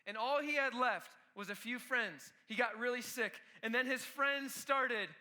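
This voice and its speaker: A man's voice: very high-pitched, measured pace, sharp tone. A man preaching a youth sermon with energy, talking straight to the students. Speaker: youth pastor.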